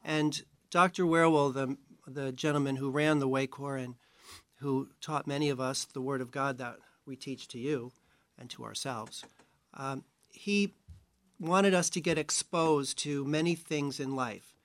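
A man's voice: medium pitch, fairly even intonation, unhurried, no room sound. A man from New York giving a conversational sermon as a Bible teacher, with chatty, self-mocking asides.

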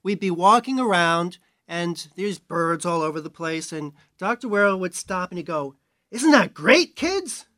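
A man's voice: high voice, normal speed, few pauses, bright, forceful tone, no room sound. A man from New York giving a conversational sermon as a Bible teacher, with chatty, self-mocking asides.

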